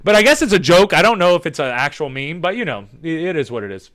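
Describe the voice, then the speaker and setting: Animated high-voiced young man telling stories. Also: fast talker. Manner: animated, rambling, swears freely. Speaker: podcast host. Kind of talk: casual storytelling.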